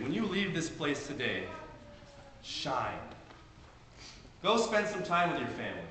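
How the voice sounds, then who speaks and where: A man delivers an earnest, conversational sermon in a bright, somewhat tense voice. The sound is very reverberant and camcorder-recorded, with faint ambience behind him. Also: fairly high pitch, slight background noise. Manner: earnest, conversational preaching with homely stories. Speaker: pastor. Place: church sanctuary during a service. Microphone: handheld camcorder in the congregation. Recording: very echoey church, camcorder audio.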